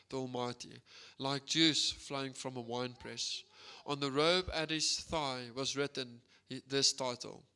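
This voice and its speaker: A man with a South African accent preaching an energetic, storytelling sermon, often asking "right?". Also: medium pitch, clean tone.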